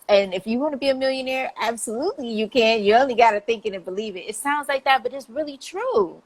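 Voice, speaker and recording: A woman's voice: fairly high pitch, fast, few pauses. A woman hosting a casual live-stream chat, upbeat and laughing often. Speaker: host, publicist. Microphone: phone or video call.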